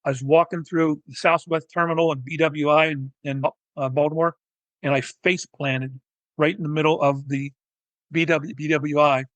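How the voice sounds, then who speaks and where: A man, a physical therapist and educator, telling his story in a technical, animated way as an interview guest. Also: fairly high pitch, moderate pace, dry recording, low-quality recording. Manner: technical, animated, acts out quoted dialogue. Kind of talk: conversational storytelling.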